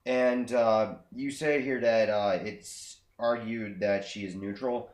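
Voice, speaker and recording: Low-voiced man recapping in an echoey room. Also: fairly even intonation, a little mellow. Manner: filler-heavy, halting recaps. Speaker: podcast co-host. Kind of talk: casual chat recapping wrestling.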